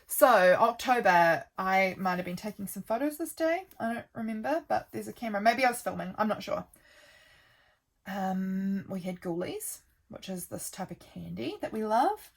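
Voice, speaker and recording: A woman's voice: mid-range voice, expressive, normal speed, creaky. A woman, casually chatting and rambling as she flips through her calendar, with lots of ums. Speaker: vlogger.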